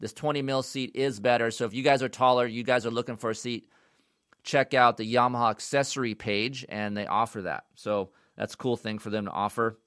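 A man's voice: medium pitch, fairly even intonation, fairly quick, fairly bright tone, smooth, dry recording, studio quality. A man giving a casual, rambling motocross bike review, blunt and often profane.

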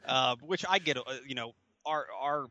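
A man's voice: medium pitch, moderate pace, pushed and bright, muffled recording. A man hosting a casual sports podcast, chatty and prone to restarts. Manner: chatty, laughing, many restarts. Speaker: podcast host.

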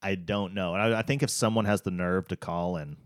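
Deep-voiced man asking thoughtful questions. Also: fairly even intonation, fairly quick, no room sound, studio quality. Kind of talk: casual podcast conversation.

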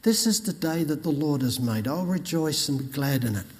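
A man's voice: on the high side, lively intonation, moderate pace, natural voice. A man voicing a cheerful devout old woman who makes earnest, singsong declarations, in a joke within a sermon. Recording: long reverb in a hall.

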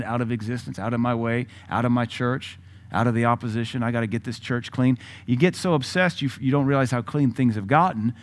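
A middle-aged male pastor preaching a sermon, telling a personal story with laughs and sudden swings in volume. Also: mid-range voice.

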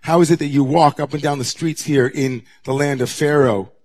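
A man, a rabbi, preaching a sermon to his congregation, moving from hushed near-whispers to raised, intense passages. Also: a little high, steady tone, normal speed. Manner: dramatic, swings from hushed to raised voice.

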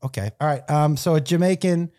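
A man's voice: on the high side, brisk, warm tone. A man who is a comedian guest, joking around in casual podcast chat and laughing often.

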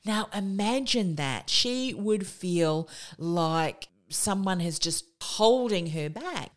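A woman business coach hosting a motivational podcast who talks quickly and with emphasis, repeating her key points. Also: lowish voice.

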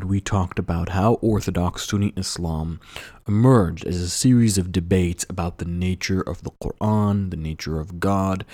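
A man hosting an educational podcast, explaining history in a measured lecturing manner with occasional fillers and restarts. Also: low-pitched, darkish tone. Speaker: podcast host. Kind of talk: scripted-sounding lecture on history.

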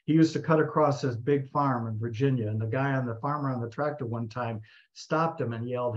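A man telling a story in a talk, narrating in an animated way and voicing the people in it. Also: medium pitch, a little fast. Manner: animated narration with voiced quotes. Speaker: speaker. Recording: slightly muffled recording.

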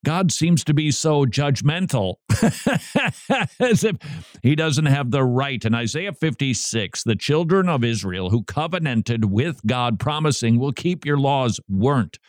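A man hosts a radio show from a dry, close studio mic. He talks slowly and emphatically, his pitch swinging widely as he adds wry asides. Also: animated, dry recording. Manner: slow, emphatic, with wry humor. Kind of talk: commenting on a recorded sermon.

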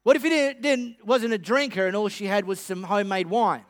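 A man's voice: sits high, brisk, dry recording. A man preaching a sermon, retelling the story with a humorous, playful storytelling manner.

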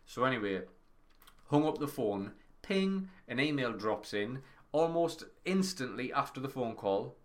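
A man, co-hosting a podcast and telling an animated, sweary anecdote in casual chat. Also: mid-range voice, normal speed. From Northern England. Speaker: podcast co-host.

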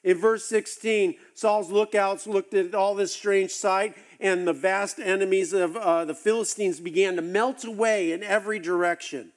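Guy with a high voice preaching, acts out the story in lively asides. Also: normal speed, hardly any pauses. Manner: animated storytelling with acted-out asides. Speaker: pastor. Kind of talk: sermon.

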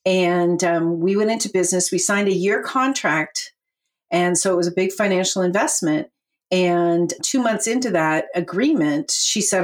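A middle-aged woman telling her life story as a podcast guest, animated and laughing often as she acts out what she and others said. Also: fairly low pitch, moderate pace. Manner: animated, laughs often, quotes herself in voices.

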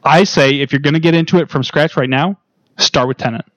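A tipsy man in loud, profane, excitable casual chat as a podcast guest. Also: on the high side, fairly quick, no echo, highs cut off.

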